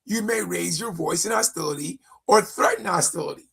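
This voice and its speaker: A man's voice: high voice, gravelly, fairly bright tone, husky. A man co-hosting a casual faith talk show, often restarting and repeating his words. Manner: halting, repeats words when starting. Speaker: co-host. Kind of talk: casual chat.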